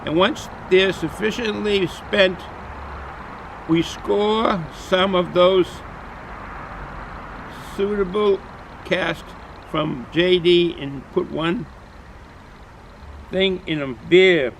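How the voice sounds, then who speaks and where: A man's voice: high voice, extremely slow, vocal fry, pauses often, slight background noise, rough recording. Rambling Boston man reviewing beer outdoors. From New England, US. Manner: rambling, chatty, repeats himself with frequent fillers. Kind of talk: casual beer review vlog. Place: outdoors in cold weather.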